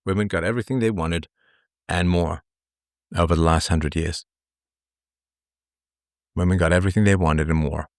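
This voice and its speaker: A man's voice: low voice, steady tone, normal speed, pauses often, no room sound, clean studio sound. A man hosting a livestream monologue, reading statistics and repeating his phrases for emphasis. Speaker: livestream host. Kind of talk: commentary monologue.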